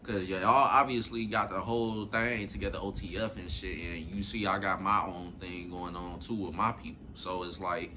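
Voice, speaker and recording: Low-voiced man giving casual commentary. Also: steady tone, normal speed, few pauses, sharp tone, slight background noise. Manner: laid-back, repeats "at the end of the day". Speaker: reaction video host.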